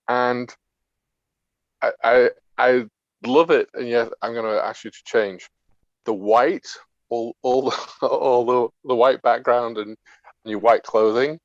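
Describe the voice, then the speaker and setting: Halting, friendly male evaluator. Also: medium pitch, no room sound, muffled recording. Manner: friendly, halting, many restarts. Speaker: speech evaluator. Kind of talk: casual spoken feedback.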